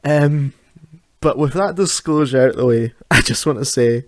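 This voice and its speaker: A man's voice: mid-range voice, moderate pace, dry recording. A man, hosting a casual solo talk at home, chatty and self-deprecating, laughing often and restarting his sentences. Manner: rambling with frequent restarts. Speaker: podcast host. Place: at home at night.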